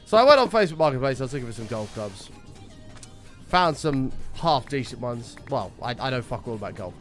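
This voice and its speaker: A man's voice: mid-range voice, very animated, fairly quick, faint music behind. A man chatting casually to his stream audience, telling a rambling story with a lot of swearing. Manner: rambling anecdote, frequent swearing.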